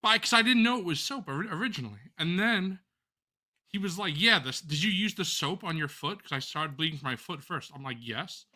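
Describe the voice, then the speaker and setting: A man with a very bright, ringing voice and a fairly high pitch tells a long story on a live stream. He talks in a casual, animated and profane way. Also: fairly quick. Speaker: co-host.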